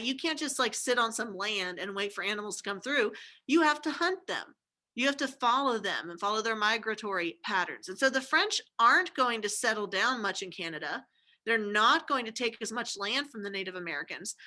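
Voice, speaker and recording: A woman's voice: fairly high pitch, pushed and bright. A woman giving a recorded history lecture, chatty and informal, often checking in with "okay?" and throwing in jokey asides. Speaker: history teacher.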